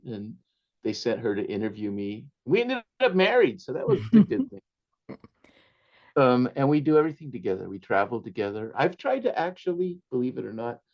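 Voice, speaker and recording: In a storytelling interview, an older male author tells family anecdotes, laughing often and mixing in Spanish phrases. His voice is on the low side, with highs cut off.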